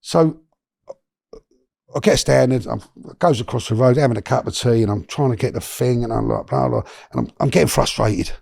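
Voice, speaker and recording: Gravelly man telling a story. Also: medium pitch, fairly quick, dry recording. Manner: animated, chatty, lots of restarts and slang. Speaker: guest. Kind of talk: storytelling in a podcast interview.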